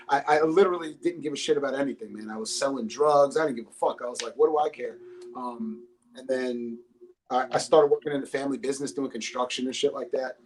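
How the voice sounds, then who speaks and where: A man's voice: medium pitch, a little mellow, slight background noise. A man chatting loosely as a podcast guest, telling stories with lots of swearing, talking into a phone. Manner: loose, profane storytelling. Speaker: podcast guest, rapper and English teacher. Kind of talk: casual podcast chat.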